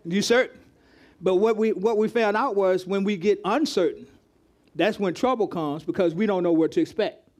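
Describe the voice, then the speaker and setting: Pastor, male, high-pitched, interactive teaching sermon, chatty and repetitive. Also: normal speed, darkish tone. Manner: conversational, calls on the congregation, repeats words. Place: church hall with congregation.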